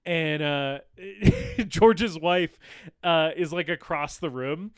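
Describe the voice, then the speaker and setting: A young man with a lively, smooth and resonant voice, co-hosting a casual film podcast. He talks in an animated way, laughs often and acts out scenes. The sound is dry and close. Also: on the high side, very slow, no echo. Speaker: podcast co-host.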